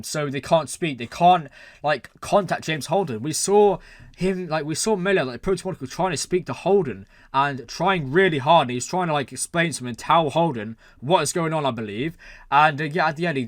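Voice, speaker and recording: A man hosting a reaction channel, excitedly talking through a TV episode and thinking aloud, with lots of exclamations and fillers. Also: on the high side, no room sound, clean studio sound.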